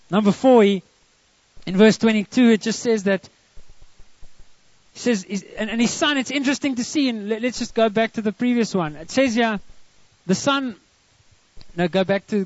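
A man's voice: high-pitched, dry recording. A South African man preaching a sermon as pastor, counting off his points and dropping into homely family stories. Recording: dull lo-fi recording.

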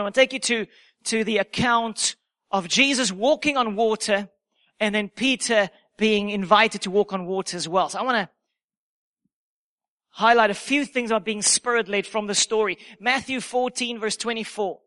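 A male preacher with a strikingly high voice delivers a sermon. His tone is bright and sharp. He hammers home key phrases by repeating them with emphasis.

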